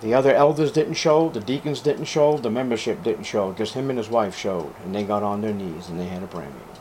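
A man preaching a sermon as a pastor to his congregation, fervent and emphatic, with sudden loud, high rises on key words. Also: fairly quick, a little hiss or hum.

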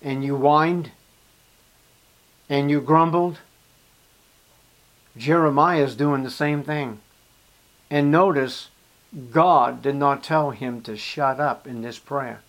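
A man's voice: mid-range voice, fairly even intonation, slow, long pauses, a bit bright. A man preaching a sermon, speaking emphatically and addressing his listeners directly.

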